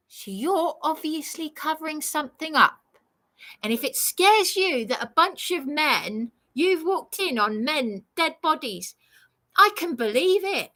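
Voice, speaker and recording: A woman ranting to the camera in an emotional monologue. She is indignant, swears often and her voice climbs into shouts. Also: sits high. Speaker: vlogger.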